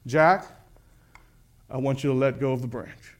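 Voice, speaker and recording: A man voicing God as a calm, patient voice that gives steady, gentle commands. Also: high-pitched, normal speed.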